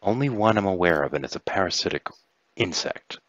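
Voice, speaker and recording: A man's voice: deep voice, animated, a little fast, a bit bright, no room sound, muffled recording. A man voicing a mysterious female stranger from another world in a tabletop game, drawling and offhand.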